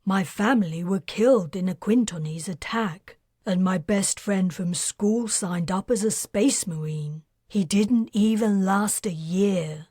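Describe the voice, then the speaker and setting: A man's voice: sits high, measured pace, hardly any pauses, husky, no echo, clean studio sound. A woman voicing an anxious young man, an indebted weapons expert, in an audiobook, earnest and worried. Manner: earnest, worried, bursts into excitement.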